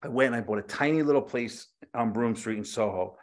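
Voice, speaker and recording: Middle-aged chef guy telling stories, acts out what people said, swears casually, mid-pitched voice. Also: a little fast. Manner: animated, acts out quoted dialogue, swears casually. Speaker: chef and restaurateur being interviewed. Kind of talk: casual storytelling interview.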